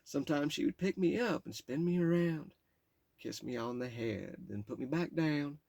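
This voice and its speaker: A man's voice: on the high side, expressive, normal speed, vocal fry, a little mellow, dry recording. A man reading his own memoir aloud in a candid, plain-spoken way, with casual asides. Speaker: memoir narrator.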